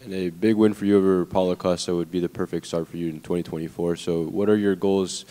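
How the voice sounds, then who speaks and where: A male reporter asking a fighter questions at a media day in a brisk, friendly way. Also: sits low, fairly even intonation, mellow. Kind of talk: press questions. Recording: reverberant media room.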